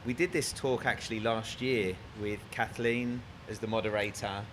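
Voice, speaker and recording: A man's voice: fairly low pitch, fairly even intonation, normal speed, a bit bright, a little hiss or hum. A man with an Australian accent, moderating a panel in a chatty, joking way. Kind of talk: casual panel talk.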